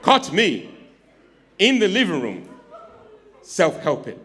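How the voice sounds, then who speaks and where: Stand-up comic, male, high, lively delivery, taunting the audience. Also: slow pace, slight background noise. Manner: teasing, audience-baiting, swings between hushed asides and shouts. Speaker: stand-up comedian. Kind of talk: stand-up comedy set. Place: comedy club stage with live audience.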